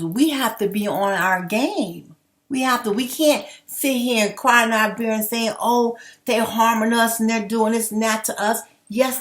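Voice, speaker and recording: Young adult woman, passionate commentary rant, plain-spoken and profane. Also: fairly high pitch. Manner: blunt, swears, rambling and passionate. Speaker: commentary vlogger. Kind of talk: heated opinion rant to camera.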